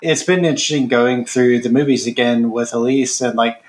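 A man's voice: mid-range voice, steady tone, moderate pace. A man co-hosting a casual podcast, talking hesitantly with many restarts and fillers. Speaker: podcast co-host. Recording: roomy echo.

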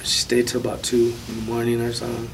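A man casually recounting a personal story of faith as an interview guest, soft-spoken with light nervous laughs. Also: monotone, quick pace, vocal fry. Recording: distant mic with faint low rumble.

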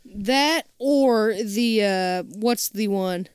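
A woman's voice: mid-range voice, extremely slow, darkish tone, clean tone, no echo, studio quality. A woman co-hosting a podcast, telling stories casually with playful swearing and laughter. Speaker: podcast co-host. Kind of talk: casual chat.

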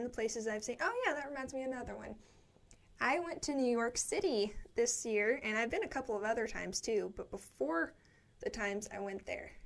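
A young woman chats and rambles in a cheerful, upbeat way. Her voice sits a bit high, and she sounds a little out of breath as she reads comments from a studio cubicle. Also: a bit bright. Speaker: live stream show host. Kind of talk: casual chat reading viewer comments.

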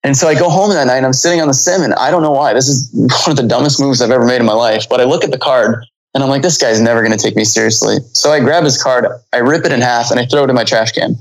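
A man in his thirties recounts his flying days in a relaxed interview, rushing through long rambling sentences. His voice has a gravelly, creaky edge, and he keeps stumbling over restarts and fillers. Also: medium pitch, poor audio. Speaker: pilot guest. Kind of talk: casual storytelling interview.

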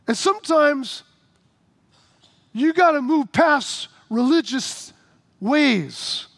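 Middle-aged male pastor delivering an animated sermon, very high register, dry recording. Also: unhurried, no room sound. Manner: animated preaching, rising to shouts.

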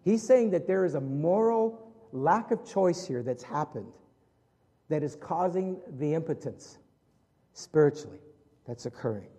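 Pastor preaching in a reverberant hall. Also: male voice, a little high, lively intonation, unhurried. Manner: conversational, asks the congregation questions, voice drops soft for prayerful moments. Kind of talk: sermon. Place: church hall with congregation.

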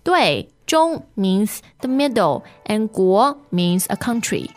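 A woman teaching a language lesson on a podcast, modelling each word slowly and repeating it. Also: medium pitch, very animated, darkish tone.

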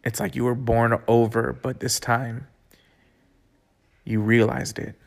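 A man with a medium, fairly flat pitch loosely narrates his own experience, swearing often. Frequent "like" fillers and restarts break up his speech, and clear music plays underneath.

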